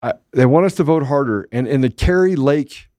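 A man hosting a casual talk show, excitable and joking, laughing often as he gives play-by-play commentary. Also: medium pitch, a little fast, no echo. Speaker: show host. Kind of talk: casual political chat.

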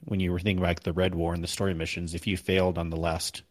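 Low-voiced man in rambling gaming chat. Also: flat delivery, quick pace, no room sound. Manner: rambling, self-correcting, laughs at himself. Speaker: podcast co-host.

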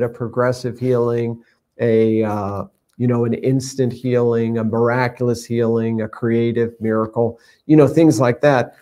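A man's voice: medium pitch, darkish tone. A man teaching from the Bible on a live stream, reading scripture aloud and explaining it in a conversational way. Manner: conversational, reads scripture aloud, many fillers.

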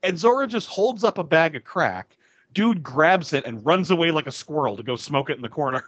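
A man recaps a film on a podcast, his voice swooping up and down as he retells scenes. His pitch sits a little above the usual. The recording is dull and dry. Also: a little fast, breathy edge, no room sound. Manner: animated retelling, acts out lines, laughs often. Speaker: podcast co-host. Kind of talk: casual film recap chat.

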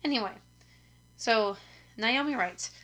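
A young woman hosting her podcast, talking in a hoarse, raspy voice, chatty and self-deprecating, rambling from one point to the next. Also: on the high side, slow, sharp tone. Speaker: podcast host. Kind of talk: casual chat. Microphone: studio microphone.

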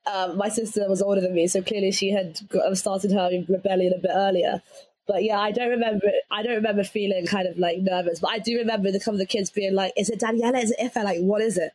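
A woman's voice: medium pitch, steady tone, quick pace, darkish tone, slightly rough, no echo. A young adult woman with an English accent, talking casually as an interviewee, laughing often and leaning on fillers like "like".

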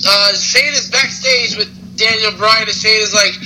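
A man's voice: sits high, steady tone, measured pace, pushed and bright. A man co-hosting a casual wrestling recap podcast, rambling and joking with many fillers. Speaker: podcast co-host. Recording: noisy background.

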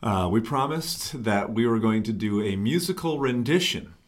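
A man's voice: on the low side, expressive, normal speed. A man co-hosting a nerd podcast, setting scenes in a playful, theatrical way. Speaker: podcast co-host. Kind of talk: casual chat.

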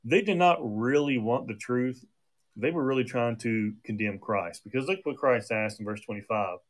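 A man's voice: mid-range voice, normal speed. Man preaching a conversational sermon. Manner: conversational with frequent restarts and fillers. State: occasional coughing.

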